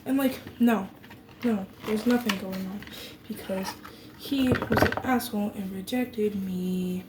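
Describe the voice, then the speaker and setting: A woman's voice: medium pitch, measured pace. A teenage girl from Germany, chatting casually and rambling while she bakes, full of fillers and sarcastic asides. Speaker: vlogger. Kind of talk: casual chat while baking. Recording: echoey room with noisy background.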